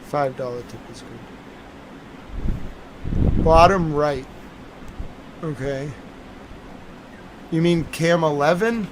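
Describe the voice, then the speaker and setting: A man's voice: on the high side, slow, long pauses, background noise. A tired man hosting a live stream, chatting casually and rambling to his viewers.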